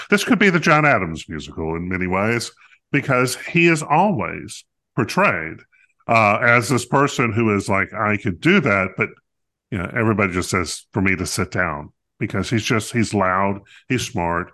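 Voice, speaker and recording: A man's voice: on the low side, bright, forceful tone. A man co-hosting a podcast, reviewing a musical in casual chat, talkative and playful with many fillers.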